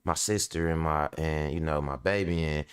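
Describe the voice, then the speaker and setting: A man's voice: rumbling low, steady tone, normal speed, clean tone. A middle-aged man hosting a show, chatting casually to his audience in a laid-back, slangy way, laughing often and repeating "you know what I'm saying". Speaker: show host. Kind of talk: casual monologue to a live audience.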